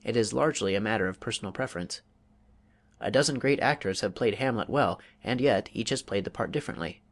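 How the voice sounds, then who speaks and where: A man reading a public speaking manual aloud as an audiobook, in a measured, deliberate way with pauses. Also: fairly low pitch. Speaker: audiobook reader.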